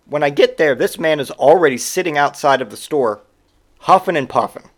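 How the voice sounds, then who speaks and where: A man's voice: on the high side, lively intonation, normal speed. A man hosting a podcast and telling stories in a casual monologue, exasperated and sarcastic, and he swears freely. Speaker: podcast host.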